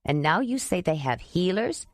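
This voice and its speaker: A woman's voice: on the low side, very animated, normal speed, no echo. A woman reading the part of a curious man who leads a cave community, in an exclaiming, wondering manner.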